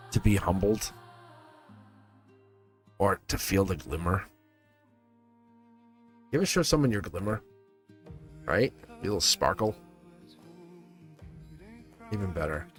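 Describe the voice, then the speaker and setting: A man's voice: lowish voice, big pitch swings, slow pace, long pauses, faint music behind. A man giving live-stream tarot readings to viewers in a rambling, earnest way, often restarting his sentences and getting emotional.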